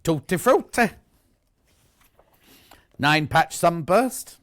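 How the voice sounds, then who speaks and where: A man's voice: a little high, animated, drawn-out words, fairly bright tone. A middle-aged man presenting products live on a home shopping channel, chatty, enthusiastic and jokey about himself.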